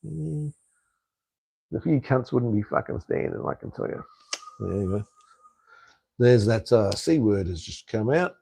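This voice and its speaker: A blunt Australian man in his fifties hosts a casual live stream, answering viewers and swearing freely. His voice sits at an ordinary middle pitch. The sound is dry and close, with little room echo. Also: animated, measured pace, creaky, pauses often, dark tone, slightly rough. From Australia (Tasmania). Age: 50s. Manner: blunt, swears freely, chuckles between remarks. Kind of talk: casual live chat reading viewer comments.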